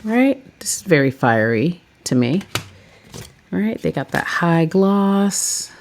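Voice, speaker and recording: A woman's voice: lowish voice, sing-song, takes it slowly, darkish tone, a little hiss or hum. A woman chatting casually about her tarot decks, rambling and saying "like" a lot. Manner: chatty, rambling, says "like" often. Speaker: tarot reader and vlogger. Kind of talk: casual chat.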